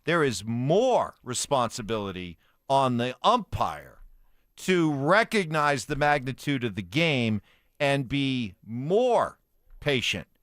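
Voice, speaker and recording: A man's voice: mid-range voice, very animated, slow, a bit bright, dry recording, studio quality. A man hosting a sports radio show, giving firm opinions and steering the segment.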